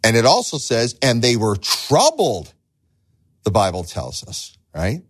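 An animated male pastor preaching a sermon, his voice leaping up and down in pitch. He acts out the voices of the figures he tells about, with plenty of drama. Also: measured pace.

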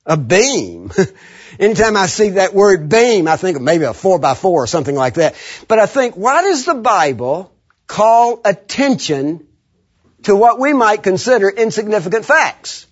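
Man, preacher, sermon, high husky voice, animated call-and-response, muffled lo-fi recording. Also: a little slow.

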